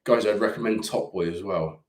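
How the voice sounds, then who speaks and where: A man's voice: on the low side, fairly quick, echoey room. A British man co-hosting a live chat stream, joking and rambling loosely. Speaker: livestream co-host.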